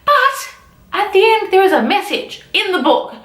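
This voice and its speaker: A young woman ranting casually to camera as a book vlogger, animated and swearing freely. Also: extremely high pitch, moderate pace, echoey room.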